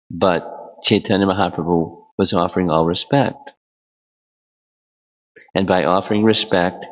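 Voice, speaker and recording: A man giving a devotional lecture as a spiritual teacher, relaxed and bantering with his audience. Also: deep voice, rough recording.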